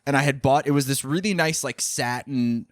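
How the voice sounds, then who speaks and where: A man's voice: mid-range voice, normal speed, dry recording, studio quality. A man co-hosting a podcast, telling loose stories in casual chat and laughing often. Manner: laid-back rambling storyteller, laughs often. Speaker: podcast co-host.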